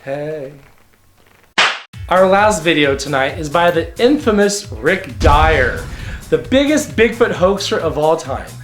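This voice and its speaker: A man's voice: a little high, expressive, slow, soft background music. Campy sassy guy roasting videos, voice swings all over. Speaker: show host. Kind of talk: comedic video commentary.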